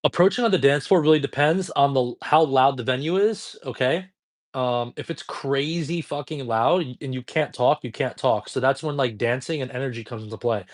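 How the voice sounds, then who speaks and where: Casual, profane dating coach man. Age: 30s. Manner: casual, profane, high-energy; reads chat questions aloud and answers. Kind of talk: live stream Q&A.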